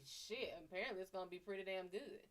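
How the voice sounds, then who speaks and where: A woman's voice: mid-range voice, fast talker, slight background noise. A woman reading tarot cards live for her viewers. She talks in a casual, blunt way and swears freely. She reads out each viewer's name and question before she answers. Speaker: tarot reader.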